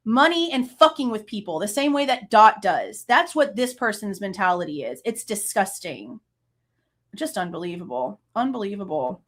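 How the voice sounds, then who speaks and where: A woman's voice: mid-range voice, big pitch swings, normal speed, hardly any pauses, fairly bright tone. A woman in her late thirties, hosting a true crime channel, ranting with heated, profane exasperation. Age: late 30s. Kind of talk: angry reaction rant.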